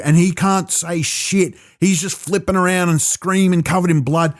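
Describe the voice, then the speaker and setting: Aussie guy doing stand-up alone in his room, rambling and swearing a lot. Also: high-pitched. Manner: rambling, profane storytelling with quick asides. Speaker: stand-up comedian. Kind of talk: stand-up routine performed alone. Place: small room.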